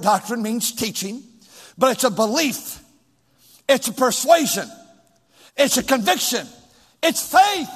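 A middle-aged man with a very high voice preaches a sermon to a packed church with a balcony. He throws questions to the crowd and pushes the answers back at them, climbing into shouts. His voice carries a long reverb from the large hall. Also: slightly rough. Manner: preaching with call-and-response, rising to shouts. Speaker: pastor.

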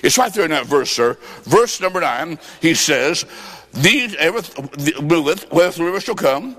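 High-pitched midwest preacher man, shouts out lines, tells stories with all the voices, big echoey church. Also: animated, measured pace. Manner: fervent, shouting bursts, storytelling with quoted dialogue. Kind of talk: revival sermon. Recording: long reverb of a large hall.

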